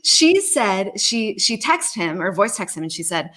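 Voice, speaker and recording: A woman's voice: mid-range voice, lively intonation, moderate pace, few pauses, sharp tone. A woman, an experience designer, talking animatedly on a video call, with frequent laughs and many fillers. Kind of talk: casual video call conversation.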